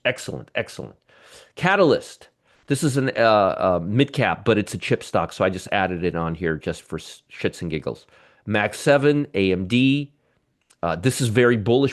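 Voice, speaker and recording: A middle-aged man hosting a live stock market show, talking straight to viewers, joking and getting excited about the numbers. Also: mid-range voice.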